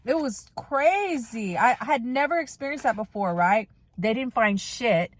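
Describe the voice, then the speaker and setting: A woman's voice: fairly high pitch, animated, a little slow, no echo. A young woman from the United States telling a rambling, candid story to her vlog audience and swearing freely. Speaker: vlogger.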